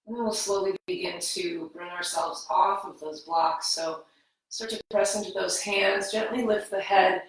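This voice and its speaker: A woman teaching a slow yoga class, guiding breath and movement in a calm, soothing way. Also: medium pitch. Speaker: yoga instructor. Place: home room. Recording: echoey room, voice from a distance.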